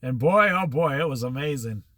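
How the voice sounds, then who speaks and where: A man's voice: medium pitch, animated, normal speed, pushed and bright, dry recording. An older man telling a long, rambling personal anecdote in a casual storytelling monologue, acting out the back-and-forth of old conversations. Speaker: host.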